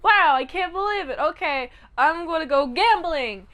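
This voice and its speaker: A woman voicing a greedy, brash male gangster who has died, talking loud and impatient. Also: high-pitched, measured pace, clear, resonant tone. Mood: gleeful.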